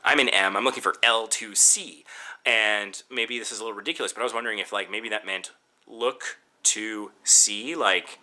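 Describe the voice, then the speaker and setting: A man casually recounting a travel anecdote in an exasperated, animated storytelling manner. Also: fairly low pitch, normal speed.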